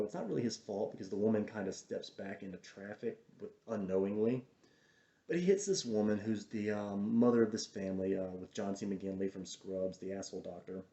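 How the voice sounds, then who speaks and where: A man's voice: low-pitched, mellow. A man giving a casual, chatty film review, wandering off on tangents and trailing off as he hunts for titles. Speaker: movie reviewer. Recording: roomy, slightly dull lo-fi sound.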